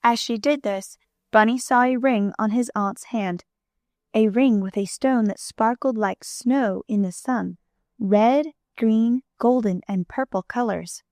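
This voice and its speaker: A woman narrating a children's storybook in a clear, even manner. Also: on the high side, a little slow, no room sound, clean studio sound. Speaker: audiobook narrator.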